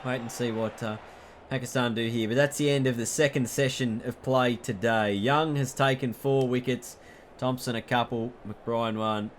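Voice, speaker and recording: A man calls a cricket video game play by play, his voice at an everyday middle pitch. He is chatty, corrects himself as he goes, and jumps up in excitement at big moments. A clear, steady noise runs behind the recording. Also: normal speed. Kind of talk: play-by-play sports commentary.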